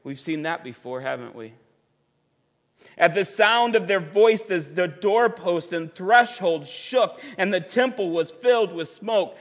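Male pastor, high-pitched, unhurried and emphatic, repeats for stress; long hall reverb. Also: lively intonation. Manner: emphatic, repeats words for stress, rises to near-shouts. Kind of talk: sermon. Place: church sanctuary with a band.

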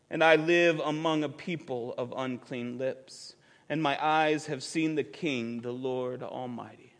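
A man preaching a sermon, emphatic and repeating words for stress, building at times to near-shouts, in a church with a band. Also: mid-range voice, unhurried. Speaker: pastor. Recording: long reverb of a large hall.

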